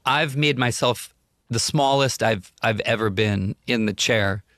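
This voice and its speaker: A man's voice: medium pitch, measured pace, no echo, studio quality. A man guest on a talk show, animatedly telling a vivid anecdote and acting out the people in it. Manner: animated, vivid storyteller who acts out other people. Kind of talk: storytelling anecdote on a podcast.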